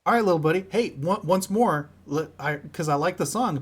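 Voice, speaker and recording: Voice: mid-range voice, expressive, brisk, husky. A player in a tabletop game, talking casually, laughing often and swearing freely.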